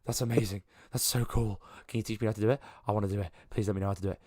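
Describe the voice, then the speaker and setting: A man voicing an excitable young human man who gushes, stammers and gets easily overwhelmed, in a tabletop game. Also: on the low side, slow, dry recording, clean studio sound. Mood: giddy. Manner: breathless, gushing, stammering.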